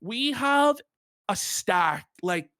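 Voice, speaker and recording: Loud crude guy hosting a stream, bright punchy voice, super dry close mic. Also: sits high, very slow, no room sound. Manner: profane, excitable, laughs and shouts mimicking others. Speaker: podcast host. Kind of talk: crude comedic stream banter.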